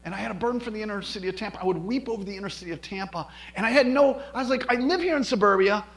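A middle-aged male pastor telling a personal story in a sermon, animated, with many restarts. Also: high voice, rapid-fire, poor audio. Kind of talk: sermon testimony.

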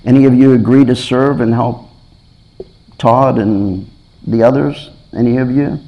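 Middle-aged male preacher, earnest and searching, mid-pitched voice, restarts phrases as he presses each question. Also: fairly even intonation, measured pace, dull audio. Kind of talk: sermon.

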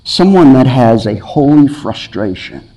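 A man's voice: mid-range voice, very animated, unhurried, warm tone, muffled recording. A middle-aged man preaching a sermon, asking his listeners earnest questions and often repeating or restarting his phrases.

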